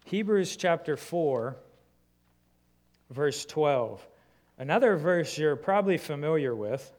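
A man preaching a sermon, questioning his listeners and swinging between emphatic rises and soft, low drops. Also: animated, slow. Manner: asks the congregation many rhetorical questions.

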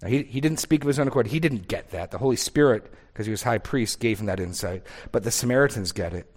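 A man's voice: fairly low pitch, fast, a little mellow. A man preaching a sermon, earnest and emphatic, reading scripture aloud with rising force. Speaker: pastor.

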